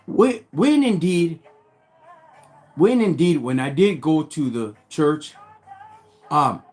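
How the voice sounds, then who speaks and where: Man, high-pitched, loose street storyteller who gets heated, faint music underneath. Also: lively intonation, slow, breathy edge. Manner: street slang, gets fired up and loud when retelling. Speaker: livestream host. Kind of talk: storytelling monologue on a live stream.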